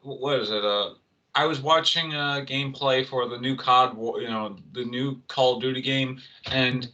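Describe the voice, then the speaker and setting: A man co-hosts a casual entertainment chat show. His voice is very bright and edgy, and he rambles through restarts and fillers as he talks. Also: medium pitch, moderate pace, dull audio. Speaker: co-host.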